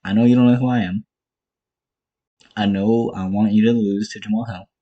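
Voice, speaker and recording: Husky-voiced young man ranting bluntly. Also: fairly low pitch, steady tone, fairly quick, mellow, muffled recording. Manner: blunt, profane and exasperated, ranting in short repeated bursts. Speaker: MMA commentator vlogger. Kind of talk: casual ranting vlog.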